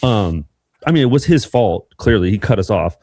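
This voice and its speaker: A young man co-hosting a podcast, telling a rambling, animated story in casual chat. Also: fairly low pitch, moderate pace, no echo, clean studio sound. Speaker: podcast co-host.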